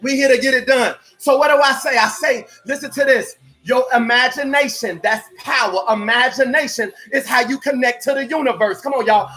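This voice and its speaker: Fervent high-voiced man coaching. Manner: fervent, preacher-like, often shouting; repeats phrases and rhetorical questions. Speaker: life coach. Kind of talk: motivational coaching live stream.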